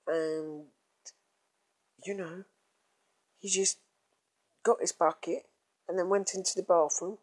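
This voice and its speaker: A man's voice: sits high, fairly even intonation, a little mellow, slightly rough. A man telling a crude comic story in a casual, rambling way. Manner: rambling, crude, drawn-out groans.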